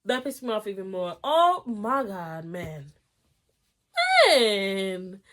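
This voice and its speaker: A woman's voice: medium pitch, expressive, takes it slowly, noisy background. A young woman reading online posts aloud and reacting in a casual, outspoken way, swearing and getting heated. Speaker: storytime reactor.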